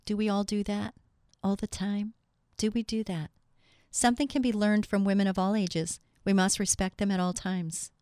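A woman's voice: medium pitch, no echo, clean studio sound. A middle-aged woman giving an earnest, heartfelt devotional talk, reading scripture and speaking directly to her listeners. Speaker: Christian speaker.

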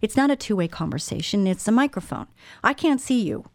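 A woman's voice: mid-range voice, expressive, brisk, no echo, clean studio sound. Earnest woman hosting Christian radio. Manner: earnest, personal, speaks straight to listeners. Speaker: radio show host. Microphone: studio microphone.

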